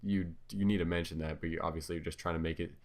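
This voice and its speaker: Deep-voiced man rambling through casual commentary. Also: steady tone, very fast, darkish tone. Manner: filler-heavy, hesitant, self-correcting. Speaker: commentator on his own videos.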